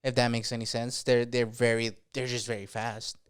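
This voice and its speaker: A man co-hosting a podcast, talking football in a relaxed way and laughing often. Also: medium pitch, normal speed, smooth. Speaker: podcast co-host. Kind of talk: casual sports chat.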